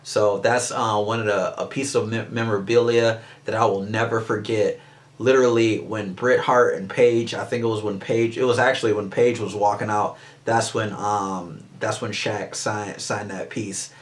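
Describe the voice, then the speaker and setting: A man's voice: on the low side, fairly even intonation, moderate pace. A man who is a memorabilia artist and show host, telling stories in an eager, rambling way full of restarts. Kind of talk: casual interview storytelling.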